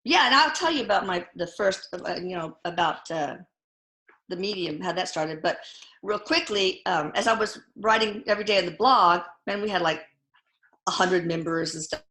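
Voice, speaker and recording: Bright-voiced woman telling stories animatedly. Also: normal speed, roomy sound. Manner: animated, jumps pitch when quoting others. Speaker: guest, physician and mother. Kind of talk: conversational storytelling.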